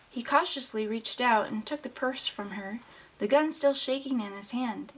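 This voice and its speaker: A woman's voice: on the high side, normal speed, fairly bright tone, slightly rough. A woman reading a first-person novel aloud in an audiobook, with plain, unpolished delivery and small restarts. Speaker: audiobook reader.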